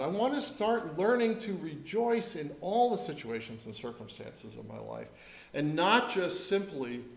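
A middle-aged man preaching a sermon in an earnest, storytelling manner and leading the congregation in a simple song. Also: a little high. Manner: earnest, storytelling, leads singing. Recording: echoey room.

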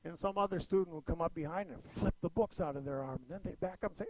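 Middle-aged guy preaching, storytelling sermon, pretty high voice, dry close sound. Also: quick pace, no room sound, rough recording. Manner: storytelling with animated swings in pitch and loudness. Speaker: pastor.

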